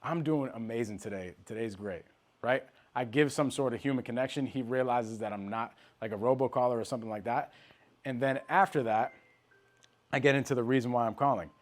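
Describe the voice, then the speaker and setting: Male sales coach, mid-pitched voice, direct and punchy delivery for a live training session. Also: steady tone, brisk. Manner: direct, emphatic, talks straight to trainees by name.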